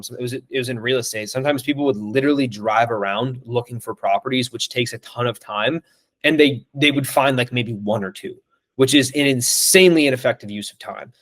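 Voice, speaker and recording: A young man of middle pitch explains his sales pitch in a relaxed, filler-heavy way. He keeps acting out both sides of sales calls as he goes. The recording is dry, with no room sound. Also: dry recording. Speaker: sales coach. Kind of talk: casual teaching monologue.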